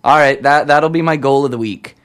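A man's voice: a little high, a little fast, a bit bright, smooth. A young man from Canada talking casually on air as a campus radio DJ, chatty and wandering off topic, correcting himself often. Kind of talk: rambling casual on-air chat.

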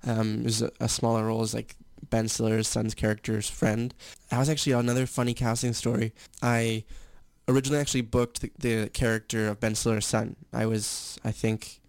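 A young man talking candidly as an interview guest. His voice is smooth and resonant, recorded dry and close, and he rambles with fillers and self-corrections. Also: medium pitch, little pitch movement, fairly quick, a little mellow, no room sound. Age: young adult. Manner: chatty, candid, full of fillers and restarts. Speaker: guest, stadium announcer and actor. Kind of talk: casual interview chat.

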